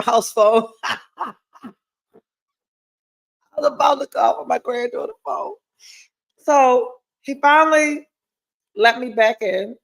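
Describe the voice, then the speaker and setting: A woman talks to her audience in a slightly high voice. She is blunt and profane and tells her story with lively energy. Her nose sounds stuffy. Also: poor audio. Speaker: podcast host. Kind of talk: candid solo livestream chat.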